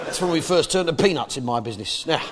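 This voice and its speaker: A man's voice: a little high, animated, fast talker. An English man doing live stand-up comedy in a brash, blustering way, full of tag questions. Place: theatre stage before a live audience. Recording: live show with crowd laughter and noise.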